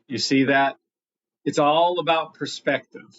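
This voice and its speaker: A man's voice: a little high, steady tone, a little slow, fairly bright tone, lo-fi sound, slight background noise. A man hosting a live trading stream, greeting chat by name and talking bluntly with lots of swearing. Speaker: livestream trading host. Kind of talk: live market commentary reading chat.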